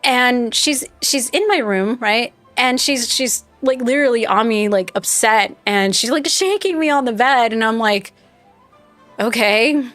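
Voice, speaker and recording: A woman with a slightly high voice, streaming a game live and chatting as she plays. She rambles through a story and talks back to her viewers. The sound is dry and close, with faint music behind her. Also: normal speed, few pauses, fairly bright tone, dry recording. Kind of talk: casual chat while playing.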